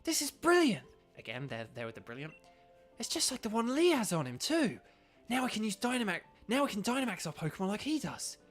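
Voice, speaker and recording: A man voicing a brash, excitable teenage boy rival in a video game read-through. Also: high voice, normal speed, soft background music, voice pushed up, full character voice. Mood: excited. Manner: energetic, boastful.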